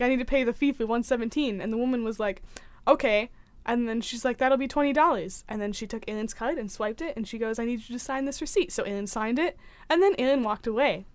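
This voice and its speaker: Young woman, high voice, dry close mic, casual storytelling host. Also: no echo. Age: young adult. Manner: animated, acts out quotes. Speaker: podcast co-host.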